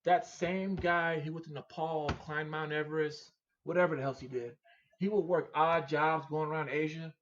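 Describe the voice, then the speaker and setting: A man's voice: a little high, moderate pace, highs cut off. A man guest on a casual podcast interview, talking emphatically and repeating his points like a sermon. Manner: emphatic, animated and repetitive, preaching-like. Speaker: podcast guest, machine shop owner.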